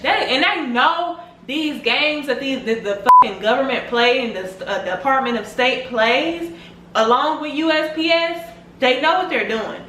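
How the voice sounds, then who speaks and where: A woman's voice: high voice, fairly quick, bright, forceful tone, slight background noise. Exasperated young woman venting, echoey room. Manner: exasperated, swears often, repeats herself. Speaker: vlogger. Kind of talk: frustrated venting to camera. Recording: echoey room, mic at a distance.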